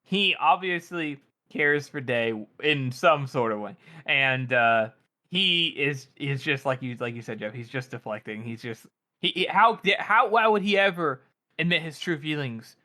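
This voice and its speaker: A man's voice: a little high, animated, a little slow, pushed and bright. A man co-hosting a podcast, talking enthusiastically about a novel, quoting characters and laughing. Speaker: podcast co-host. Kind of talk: casual chat about a novel.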